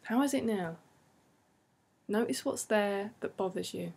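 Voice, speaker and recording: A woman practitioner giving slow, soothing guided tapping instructions, repeating gentle phrases. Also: mid-range voice, vocal fry, slightly rough.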